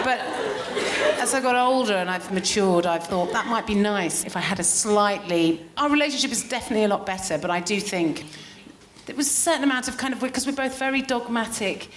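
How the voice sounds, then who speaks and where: A mid-pitched woman co-hosting a live comedy podcast from a theatre stage. The hall is roomy and there is clear noise behind her, and she talks candidly, often restarting her sentences. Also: expressive, fairly quick. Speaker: podcast co-host.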